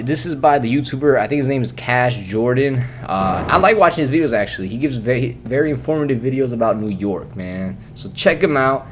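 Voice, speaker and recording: A man hosting his own vlog from his apartment bedroom, rambling in a loose, profane, laid-back way. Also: lowish voice. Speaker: vlog host. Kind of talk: casual rambling vlog chat.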